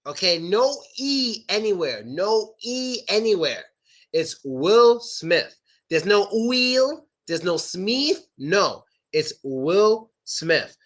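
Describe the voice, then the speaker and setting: Lively high-voiced English teacher. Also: male voice. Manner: animated, playful, repeats words slowly for learners. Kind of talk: live online class, casual teaching.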